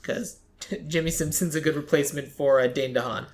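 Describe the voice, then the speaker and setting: Chatty podcast host, mid-pitched voice. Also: steady tone. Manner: chatty, fills speech with "like", acts out quick quotes. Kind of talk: casual chat.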